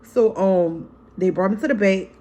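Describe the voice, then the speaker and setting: Woman host, casual storytime, mid-pitched voice, vivid and blunt, swears freely, talks to her viewers like friends. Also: normal speed, mellow. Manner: chatty, frank and profane, keeps calling to viewers as "y'all" and "girl"; re-enacts scenes vividly in the retelling. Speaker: family vlogger, mother.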